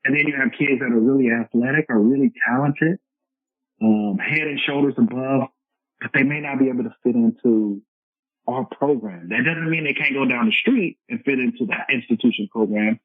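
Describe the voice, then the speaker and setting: Coach guest, man, husky voice, phone-quality line, earnest explainer. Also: mid-range voice, normal speed, dry recording. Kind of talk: conversational podcast interview. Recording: tinny phone-line audio.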